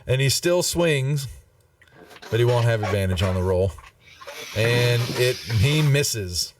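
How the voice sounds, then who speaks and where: A man running a tabletop game as game master, chatty and quick to laugh, often stopping to restart his sentences. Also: medium pitch, expressive, recorded from a distance, background noise.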